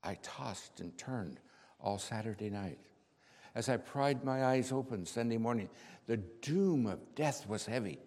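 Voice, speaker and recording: A man preaching a dramatic first-person sermon monologue, slow storytelling that drops to hushed tones and bursts out loud. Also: fairly low pitch, sing-song. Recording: reverberant hall.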